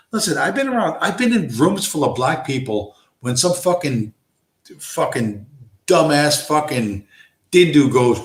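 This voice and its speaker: A man's voice: mid-range voice, animated, normal speed. Guy ranting on his stream, swears a lot, blunt, kinda echoey room. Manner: profane, blunt, emphatic. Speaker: livestream host. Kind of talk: ranting monologue on a chill stream. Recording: roomy echo.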